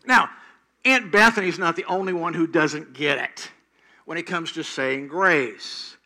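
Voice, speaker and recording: Bright-voiced older male preacher. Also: a little high, unhurried. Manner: animated storytelling, acts out quoted prayers. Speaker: pastor. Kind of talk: sermon.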